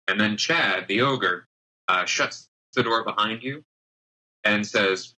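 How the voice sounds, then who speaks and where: A man narrating a tabletop game as game master, with halting, filler-heavy delivery. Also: fairly low pitch, bright, forceful tone, rough recording.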